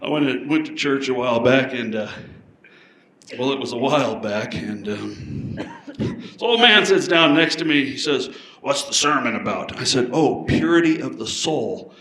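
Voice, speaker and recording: A man's voice: medium pitch, animated, pushed and bright, echoey room, rough recording. A man doing a stand-up comedy routine, telling stories with punchy delivery and switching his voice for characters. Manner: storytelling with punchy delivery and quick voice changes for characters.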